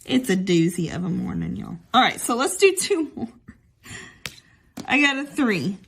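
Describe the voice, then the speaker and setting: A woman's voice: mid-range voice, very animated, moderate pace, vocal fry, slightly rough. A young woman teaching a music lesson to children at home, chatty and cheerful, often saying y'all.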